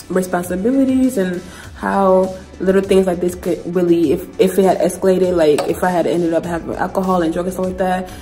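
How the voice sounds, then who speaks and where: A young woman talking straight to camera, telling a personal story in a loose, chatty way. She trails off, restarts and drops little asides. Faint music sits quietly behind her voice. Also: on the low side. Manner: casual, chatty, many fillers, laughs while telling. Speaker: vlogger. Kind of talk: storytime vlog.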